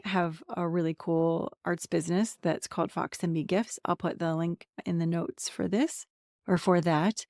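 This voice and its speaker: Dry-sounding low woman with gravelly edge. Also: dry recording. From central Pennsylvania, USA. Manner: warm, candid, self-deprecating, chatty lists. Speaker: podcast host and coach. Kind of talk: personal monologue to camera.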